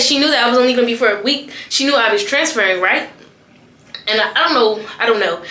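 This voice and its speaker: Bright, lively young woman storyteller. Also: on the high side. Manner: expressive, slangy, laughs often, repeats phrases for emphasis. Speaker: YouTuber telling a story. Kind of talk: animated storytime vlog. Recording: echoey room with faint background music.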